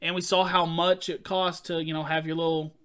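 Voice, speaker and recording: Man, high bright voice, playful storyteller, casual podcast chat. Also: little pitch movement, clear, resonant tone. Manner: playful storyteller, quick jokes. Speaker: podcast co-host.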